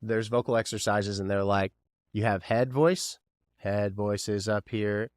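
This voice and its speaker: A man's voice: fairly low pitch, fairly even intonation, normal speed, no echo, studio quality. A man from Kentucky hosting a podcast alone, rambling and joking and firing questions at the listener. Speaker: podcast host. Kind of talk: casual solo podcast chat.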